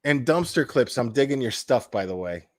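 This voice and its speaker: A man's voice: medium pitch, lively intonation, normal speed. A man, a crime-commentary vlogger, ranting casually, bluntly and profanely with laughing asides. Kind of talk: casual vlog rant.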